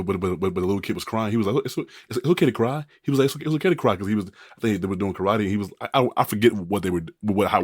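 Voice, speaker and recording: A young man co-hosting a relationship podcast in casual chat, rambling and repeating words as he thinks aloud, often quiet and low. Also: no echo, studio quality. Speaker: podcast co-host.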